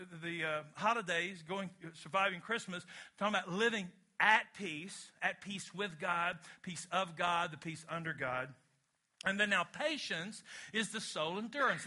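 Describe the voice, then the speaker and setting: A man's voice: high-pitched, bright, forceful tone. A middle-aged male pastor preaching a sermon, emphatic, with call-and-response to the congregation.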